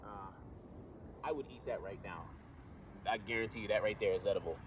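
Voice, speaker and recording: A man's voice: lowish voice, fairly quick, noisy background. A man casually narrating a garden vlog outdoors, chatty and counting plants aloud as he goes. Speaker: vlogger gardener.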